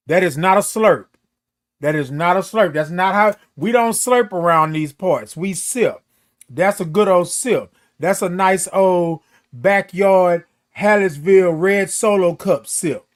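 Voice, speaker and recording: A high, playful man hosts a morning show as a home livestream, chatting casually with viewers and calling them by name in a drawl. Christmas decorations fill the home, and the camera sits close to his face.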